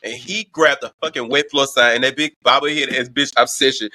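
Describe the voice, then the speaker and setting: A man from Houston hosting a show, telling a wild prison story in a loud, profane, gossipy way. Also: medium pitch, fairly even intonation, a little fast. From Houston, Texas. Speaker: host. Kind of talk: casual storytime commentary.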